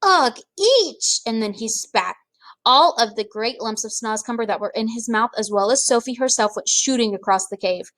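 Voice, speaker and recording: A woman reading a children's book aloud, with expressive, measured storytelling. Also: a little high. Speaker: reader.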